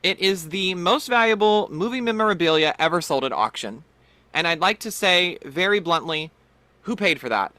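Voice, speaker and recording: Animated, bright-voiced male podcast host. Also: high-pitched, moderate pace, no echo. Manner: animated, playful and chatty. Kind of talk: casual pop-culture chat.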